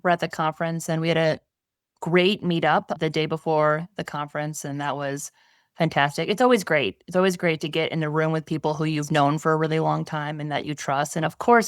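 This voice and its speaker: A woman's voice: deep voice, dry recording, clean studio sound. A woman, a business owner, talking as a podcast guest in an upbeat, enthusiastic way. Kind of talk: casual conversation.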